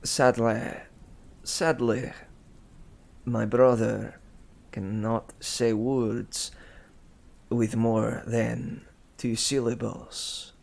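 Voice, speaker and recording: A man voicing a pompous male demigod with a put-on, bad French accent, speaking slowly and smugly. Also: mid-range voice, level tone, creaky, darkish tone, exaggerated voice. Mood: haughty. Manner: slow, smug, drawn-out delivery.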